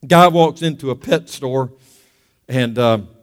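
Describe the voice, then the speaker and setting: A man preaching a sermon as pastor, lively and calling for amens from the church. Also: mid-range voice, slow pace, in a large hall.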